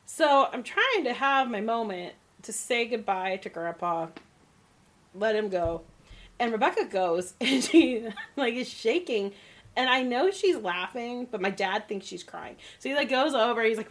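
A woman's voice: medium pitch, moderate pace. Chatty woman telling a rambling story. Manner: chatty, rambling, laughs often. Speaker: podcast co-host. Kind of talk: casual chat, storytelling.

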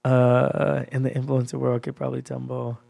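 A man as a podcast guest, telling stories in a sassy, animated way and laughing easily. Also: medium pitch, moderate pace, creaky, faint music behind. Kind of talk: casual storytelling chat.

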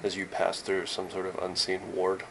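A man's voice: sits low, completely flat delivery, moderate pace, gravelly. A man narrating a tabletop game as game master in an easygoing, descriptive way, on a noisy recording.

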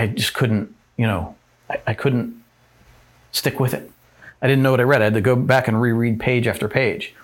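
A man talks through an informal lesson as he writes on a board. His delivery is loose and conversational, full of fillers and tag questions. His voice sits at an ordinary middle pitch. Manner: casual and rambling, many fillers and tag questions. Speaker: teacher. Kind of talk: informal talk on growth and pain, writing on a board.

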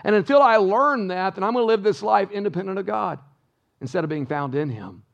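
A male pastor preaches an emphatic sermon in church and keeps asking the congregation rhetorical questions. His voice sits high for a man and has a gravelly fry. The recording sounds somewhat dull and lo-fi. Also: lively intonation, a little fast.

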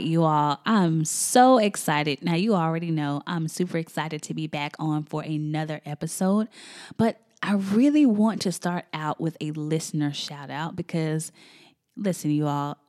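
A woman in her thirties hosts a faith and family podcast, talking in an effusive, emotional and chatty way. Her voice sits low with a darkish tone.

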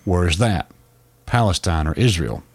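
A man's voice: low-pitched, very animated, moderate pace, creaky, breathy edge. A man co-hosting a podcast, explaining a long story in a casual way, with frequent restarts. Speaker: podcast co-host.

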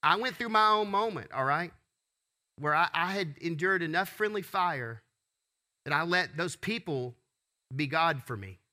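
A man's voice: a little high, expressive, measured pace, pushed and bright. A man preaching a sermon as pastor, asking rhetorical questions and calling for responses from the congregation.

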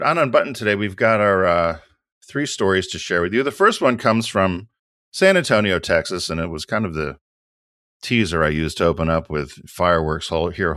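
A man's voice: fairly low pitch, a bit bright, no echo, studio quality. A man hosting a casual chat show, reacting to his co-host and reading out news stories. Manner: reacts with exclamations, then reads out news stories. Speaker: podcast host.

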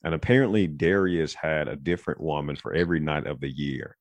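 Brief: male podcast host, very deep voice, loose and digressive, dry close recording. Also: brisk, dry recording. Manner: rambling, digressive, thinks out loud. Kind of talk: casual podcast chat.

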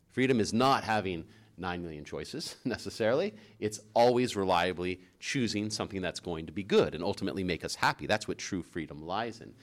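A man co-hosting a Catholic talk show, teaching in a chatty way and laughing easily as he tells stories. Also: low-pitched. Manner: chatty storyteller, laughs easily, frequent "right?".

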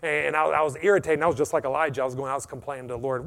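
An American man preaching a sermon in a mid-pitched voice. He rises to loud, emphatic peaks and drops to hushed tones, punctuating with frequent "amen.". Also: steady tone, racing. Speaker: pastor.

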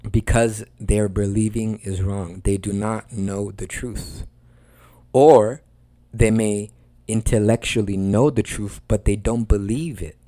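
A man's voice: on the low side, fairly even intonation, takes it slowly, dark tone, dry recording. A man hosting a Christian podcast, preaching in a conversational way with earnest emphasis and repeated phrases.

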